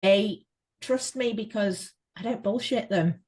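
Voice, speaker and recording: An English woman talks openly as a podcast guest, telling her life story in a lively way and leaning on little fillers as she goes. Her voice sits at an average pitch for a woman, neither high nor low. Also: slow pace, husky, rough recording. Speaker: guest, photographer. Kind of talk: casual podcast interview.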